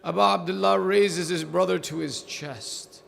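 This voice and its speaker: A man preaching a mourning sermon, building from a slow, low telling to a loud, wailing lament. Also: creaky. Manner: quotes figures in a pleading voice without acting them out.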